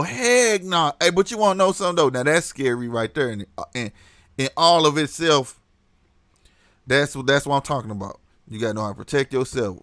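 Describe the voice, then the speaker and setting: A man's voice: medium pitch, dry recording, clean studio sound. A man hosting a casual livestream, talking animatedly to his chat, laughing often. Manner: animated, laughs a lot, reads chat aloud. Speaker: livestream host.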